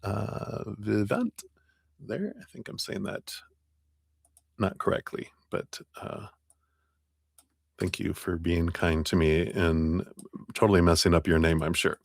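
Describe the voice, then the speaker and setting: A deep-voiced man runs a live tarot stream, chatting with viewers and laughing easily as he works through their cards. His low voice sounds dry and close to the mic, with no room around it. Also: slow pace, creaky, long pauses, dry recording. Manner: relaxed, chatty, laughs often, talks to viewers by name. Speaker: tarot reader.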